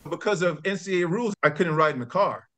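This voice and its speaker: Casting note: middle-aged New man, slightly higher voice, a lively guest who acts out the lines of the people in his stories. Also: fast. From New York. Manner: animated storyteller who acts out quotes. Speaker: guest, former college football player. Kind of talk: casual storytelling.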